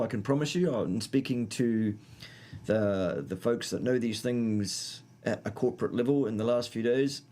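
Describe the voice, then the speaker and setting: A man's voice: mid-range voice, a little mellow. A man with a New Zealand accent hosting a casual livestream, rambling and joking as he greets viewers by name. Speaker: livestream host.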